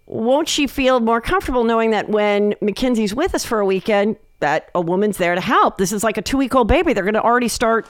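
A woman comedian tells stories in an animated way, slipping into quoted voices as she goes. Her voice is smooth and clear, and it is recorded dry and close in a podcast studio. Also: on the high side, brisk, hardly any pauses, no echo. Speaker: comedian guest. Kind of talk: casual podcast chat.

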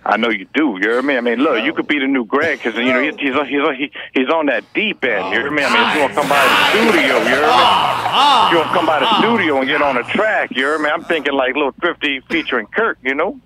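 A man's voice: mid-range voice, animated, quick pace, heavy background noise. A man in a comedic rapper persona, rambling in slang and tagging nearly every line with a filler catchphrase. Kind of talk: comedic in-character chat.

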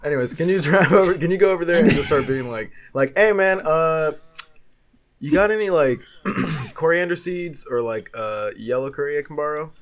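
A man's voice: on the high side, normal speed. A man teasing and riffing on jokes as a podcast co-host in casual chat.

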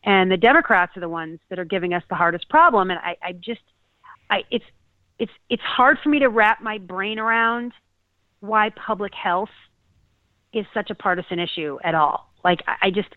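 A woman from Connecticut co-hosting a talk show, speaking earnestly and haltingly with many restarts. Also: mid-range voice, animated, no room sound. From Connecticut, USA. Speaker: podcast co-host. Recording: tinny phone-like dry sound.

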